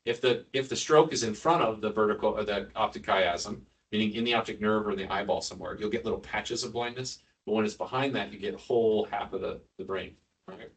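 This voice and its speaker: A man with a fairly low voice talks a little fast as he gives nurses an easygoing, jokey neurosurgery lecture full of quizzing and asides. It's recorded from afar in a hospital lecture room, with murmuring from the audience.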